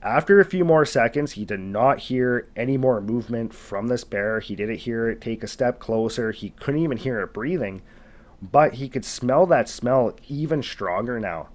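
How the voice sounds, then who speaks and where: Brief: male host, casual suspense storyteller, mid-pitched everyday voice. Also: lively intonation, moderate pace. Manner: suspenseful, conversational retelling with casual fillers. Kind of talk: narrated retelling of an encounter story.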